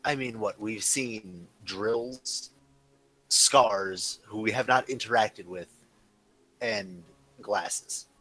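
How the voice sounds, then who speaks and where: A man joking loudly and bluntly with a friend, swearing as he talks. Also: lowish voice, drawn-out words, soft background music, low-quality recording. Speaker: co-streamer. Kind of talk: casual banter.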